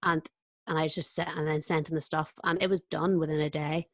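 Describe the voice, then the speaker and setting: A woman's voice: sits low, brisk, no echo. A young adult woman, an actor and podcast guest, chatting casually and acting out her own thoughts as she tells a story. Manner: lively storyteller, acts out her own inner voice. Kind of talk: casual chat.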